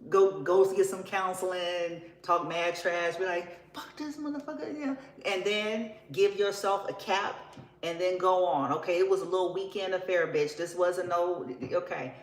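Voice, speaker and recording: A woman's voice: on the low side, fairly even intonation, unhurried, echoey room, poor audio. A woman giving a casual tarot reading, blunt and profane, often laughing as she talks. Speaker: tarot reader.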